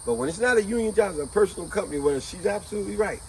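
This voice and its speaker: A man hosting a casual chat, telling a story in an animated, conversational way. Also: high voice, very fast, slight background noise, rough recording. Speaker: host.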